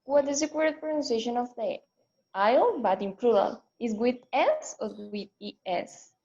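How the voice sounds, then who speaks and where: A female student asking the teacher questions in halting English over a call. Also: a little high, big pitch swings, darkish tone. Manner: hesitant, halting learner's English. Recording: dull lo-fi call audio.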